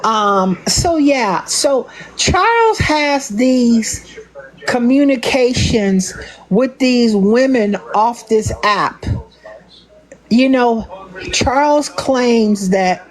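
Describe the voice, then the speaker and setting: Woman livestreamer, sassy and mocking, slightly high voice, unhurried delivery, laughs at her own digs. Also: expressive, rough recording. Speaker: livestream commentator. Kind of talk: casual live-stream commentary.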